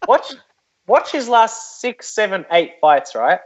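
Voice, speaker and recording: A man with a high voice co-hosts a casual fan podcast. He lays out bold predictions with emphasis and plenty of swearing. The recording sounds dull and lo-fi. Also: big pitch swings, slow, slight background noise. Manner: spins out confident predictions, emphatic and profane. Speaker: podcast co-host. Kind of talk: casual chat.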